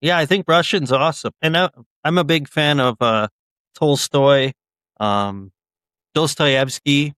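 A man's voice: fairly high pitch, a little slow, a bit bright, smooth, dry recording. A young man, an author guest in a casual interview, speaking earnestly with frequent ums and restarts.

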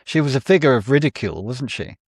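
A man's voice: medium pitch, lively intonation, fast, slightly rough, no echo. Male podcast guest, mid-range voice, dry wit, dry close recording. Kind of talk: casual podcast chat.

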